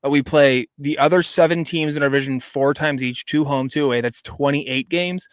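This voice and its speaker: A man's voice: on the high side, moderate pace, clear, resonant tone, no echo. A man co-hosting a sports podcast in casual chat, enthusiastic and rambling with many restarts. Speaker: podcast co-host.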